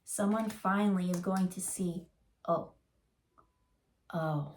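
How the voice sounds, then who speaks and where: A woman giving a casual channeled tarot reading, rambling and emotional, with many fillers, and slowing down to stretch out key words. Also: on the low side, fairly even intonation. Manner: rambling and emotional, full of likes and ums, slows to drag out key words. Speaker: tarot reader.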